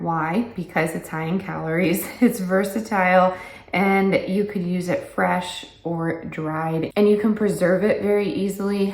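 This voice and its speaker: A young woman talks casually to her viewers, upbeat and quick to laugh, while audibly short of breath. Her voice sits a little low, and the room around her gives it a noticeable echo. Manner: chatty, enthusiastic, laughs often. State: out of breath, pregnant. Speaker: homesteading vlogger. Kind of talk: casual talk to camera. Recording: echoey room.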